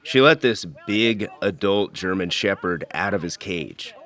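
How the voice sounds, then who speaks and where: A man hosting a podcast, reading scripted investigative narration in a measured, earnest way. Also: low-pitched, expressive, fairly bright tone. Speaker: podcast host and reporter.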